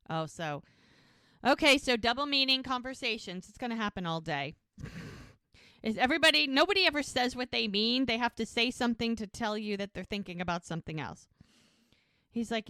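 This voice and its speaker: Woman podcast co-host, mid pitch, dry close sound, chatty recap of scenes. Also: expressive, normal speed, bright, forceful tone, dry recording. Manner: retells scenes with quoted dialogue, laughs often. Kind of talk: casual recap chat.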